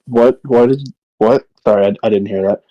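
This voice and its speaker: A man's voice: mid-range voice, steady tone, moderate pace, dark tone, lo-fi sound. A man playing a tabletop game, talking hesitantly and swearing when things go wrong. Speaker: player. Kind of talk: tabletop role-play chat.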